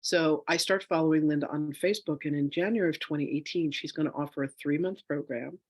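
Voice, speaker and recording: A middle-aged woman teaching a live online class as a spiritual teacher, telling her own story with lively acted-out dialogue, speaking into a phone. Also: low voice, quick pace, dry recording. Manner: animated storyteller, acts out quoted dialogue.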